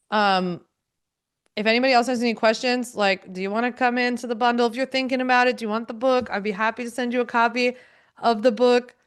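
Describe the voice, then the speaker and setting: A woman's voice: fairly high pitch, clean tone. A woman in her thirties hosting a live online training, chatting casually with viewers, upbeat and full of fillers and small laughs. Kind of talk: casual live-stream chat, answering viewers.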